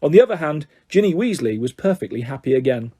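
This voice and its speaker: Male audiobook narrator: steady storytelling, warm and a bit high. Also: fast talker, breathy edge. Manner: steady storytelling with voiced dialogue. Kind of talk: scripted narration.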